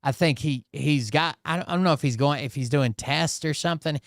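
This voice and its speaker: A man's voice: fairly high pitch, a little fast, fairly bright tone, no echo, studio quality. A man hosting a commentary channel, reacting to clips in a casual, skeptical way with frequent restarts and mocking asides.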